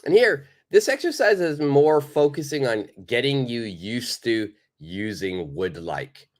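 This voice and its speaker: A man's voice: mid-range voice, lively intonation, unhurried. A man teaching English in a live online lesson, explaining phrases emphatically and reading out viewer comments.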